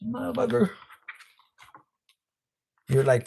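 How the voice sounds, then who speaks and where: A man's voice: fairly high pitch, lively intonation, measured pace, creaky, pauses often, slight background noise. A man hosting a live tarot reading in a crude, joking, chatty way, talking to his viewers and dropping in Spanish words. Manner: talks to live chat viewers. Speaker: tarot reader, live-stream host.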